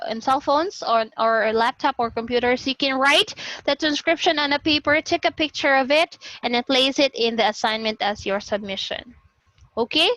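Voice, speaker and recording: Woman, Filipino accent, Cebuano speaker, teacher, online lecture, code-switching, high voice, dry lo-fi video call sound. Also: fairly bright tone, dry recording. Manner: switches between English and Cebuano, checks in with "Okay?". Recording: dull lo-fi video call audio.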